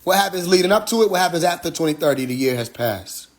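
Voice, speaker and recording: This Instagram Live monologue features a male host whose voice is on the high side, animated and quick. He preaches to viewers with rhetorical questions and plenty of profanity.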